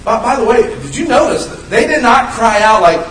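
A man in his fifties preaching a sermon as pastor, folksy and animated, with sudden shouted bursts. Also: very high voice, a little fast, few pauses, noisy background. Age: 50s. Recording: echoey room, voice from a distance.

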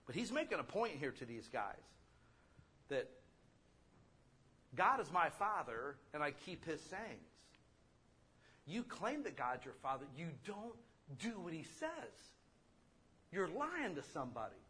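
A man delivers a sermon in a loose, conversational style. He keeps asking the room rhetorical questions. His voice is slightly husky and sits a bit higher than most men's. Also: very animated, a little slow, long pauses, bright, forceful tone. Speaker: pastor.

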